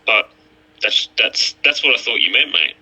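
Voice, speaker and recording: A man's voice: mid-range voice, expressive, normal speed, pushed and bright, husky. A man chatting crudely as a podcast guest, often stammering and restarting. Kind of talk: casual podcast chat. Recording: lo-fi muffled mic.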